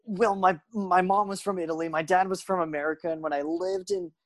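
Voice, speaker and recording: A woman's voice: fairly low pitch, fairly even intonation, fairly quick, no echo, lightly acted. A woman doing a flustered fake-Italian man. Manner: sputtering, stammering excuses. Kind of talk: improv comedy sketch.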